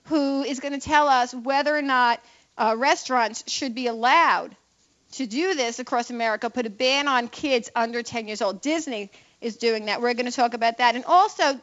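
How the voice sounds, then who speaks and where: A high-pitched woman hosts a talk radio show in a brash, opinionated way, firing off quick asides. The sound is dull and lo-fi, like an old broadcast. She talks to listeners as if they are in on the joke. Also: a bit bright.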